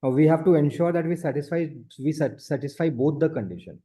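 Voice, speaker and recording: A man's voice: on the high side, brisk, mellow, husky. A man tutoring math one on one, explaining step by step and repeating his points. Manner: explains step by step, repeats points, often says the student's name.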